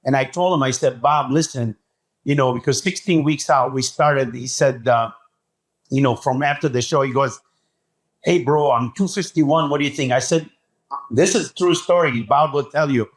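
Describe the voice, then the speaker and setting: A man telling a story as a podcast guest, talking excitedly and acting out what people said. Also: mid-range voice, moderate pace. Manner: acts out quoted dialogue, excitable. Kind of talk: animated storytelling.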